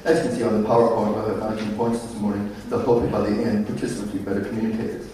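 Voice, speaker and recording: A stiff, monotone presenter drones through formal points in a low, subdued voice, as a speaker puts him on. The sound is echoey, coming from far off in a large hall. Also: male voice, very fast, a little hiss or hum, close to an everyday voice. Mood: droning. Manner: flat, formal, droning recital. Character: stiff, dull male conference presenter, monotone.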